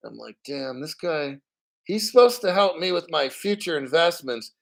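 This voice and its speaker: A man's voice: on the high side, lively intonation, moderate pace, vocal fry. A man hosting a crypto channel, ranting bluntly and profanely in a casual livestream. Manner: mocking put-on quotes.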